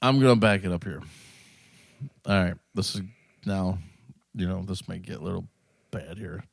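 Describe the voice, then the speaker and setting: A man co-hosting a podcast, joking around in an excitable, slangy way. His voice sounds close and dry, with no echo from the studio. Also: sits low, normal speed, gravelly. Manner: excitable and joking, calls people dude and man. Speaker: podcast co-host. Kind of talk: casual chat. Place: small recording studio.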